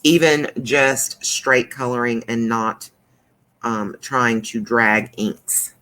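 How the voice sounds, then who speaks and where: A woman's voice: a bass voice, fairly even intonation, slow, a bit bright. A woman hosting a craft channel, chatting through a coloring demonstration in a rambling way with many fillers.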